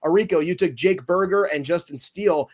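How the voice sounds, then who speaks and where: A man hosting a casual sports podcast, animated and given to mock outrage. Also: high voice, brisk. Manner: animated, mock-outraged when picks are taken. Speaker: podcast host running a mock draft.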